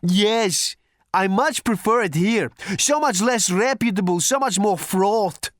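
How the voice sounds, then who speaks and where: Guy reading an audiobook doing a big loud smug thunder god, raised pitch, cocky. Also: expressive, a little slow, no room sound, clean studio sound. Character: Thor, booming male thunder god, smug.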